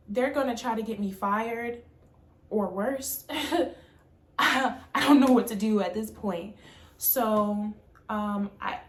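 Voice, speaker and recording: A young adult woman telling a personal storytime tale in an animated, emphatic way. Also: a little high, echoey room. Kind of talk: storytime monologue.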